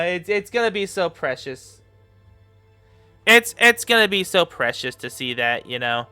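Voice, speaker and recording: A man giving casual reaction commentary, rambling and repeating himself with lots of fillers, and quick to laugh and get excited. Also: high-pitched, clear, resonant tone, soft background music. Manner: gets excited and laughs easily. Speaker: YouTube commentator.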